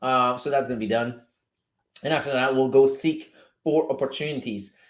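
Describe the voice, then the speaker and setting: A man's voice: medium pitch, moderate pace, echoey room. A man from Montreal with a Québécois French accent, hosting a casual livestream and chatting loosely, swearing and going off on tangents. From Montreal, Canada. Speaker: livestream host.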